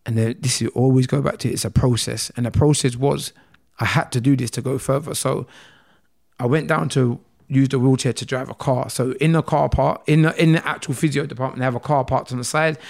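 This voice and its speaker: A man with a London accent, a guest telling a personal story with feeling, acting out the dialogue in a lively way. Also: mid-range voice, fairly quick, creaky. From England. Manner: animated, acts out dialogue with rising voice.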